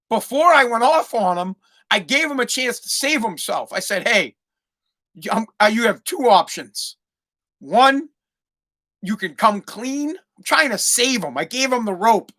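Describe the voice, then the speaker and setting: A man who is an adult parent hosts a podcast, telling a story in a blunt, heavily profane, casual monologue. His voice is very high and sharp.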